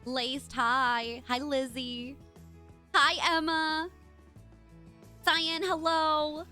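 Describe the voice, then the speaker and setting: A woman's voice: high voice, flat delivery, drawn-out words, sharp tone, soft background music. A young adult woman streaming live, chatting casually and greeting viewers by name in a bubbly way.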